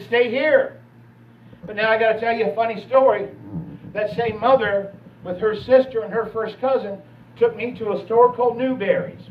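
A man's voice: sits high, a little hiss or hum. A man pastor preaching a sermon, telling personal stories in a conversational way. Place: church sanctuary. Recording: echoey church hall from a distance, dull.

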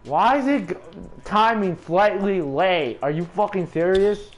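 A man's voice: high-pitched, a little slow, soft background music. A man trash-talking and cursing at his opponent while commenting on his own gameplay. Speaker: gaming content creator.

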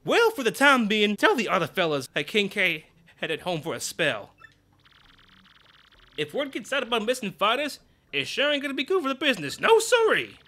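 A man voicing a folksy, loud male boss with a hearty country drawl. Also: high voice, huge pitch swings, moderate pace, pitched above the performer's own voice, heavily acted.

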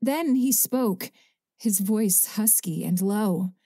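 A woman narrating a first-person audiobook in a measured, even storytelling manner, close to a studio mic. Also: mid-range voice, slightly rough, no room sound.

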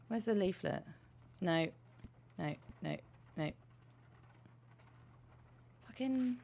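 A woman streams a video game, chatting playfully and swearing freely as she plays. Her voice sits a bit low for a woman. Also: animated, slow, creaky, long pauses. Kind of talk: casual gameplay commentary.

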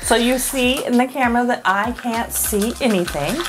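A woman's voice: a little high, normal speed, over music. A middle-aged woman hosting a casual chat, talking with enthusiasm and laughing often. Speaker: host.

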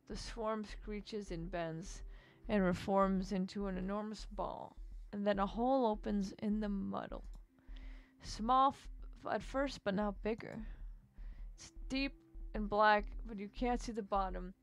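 A woman's voice: medium pitch, unhurried. A woman playing a story game, reading its narration expressively and breaking off for wry comments. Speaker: game streamer.

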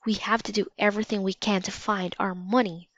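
A woman's voice: mid-range voice, steady tone, a little fast, a bit bright, close to an everyday voice. A woman reading the lines of an earnest grown man in a storybook. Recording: slightly dull lo-fi recording.

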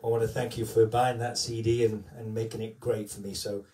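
A man's voice: on the low side, little pitch movement, brisk, warm tone, roomy sound, recorded from a distance. A man working as an entertainer, chatting on a live stream in a heartfelt, rambling way with many fillers. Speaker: tribute entertainer. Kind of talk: casual chat on a live stream.

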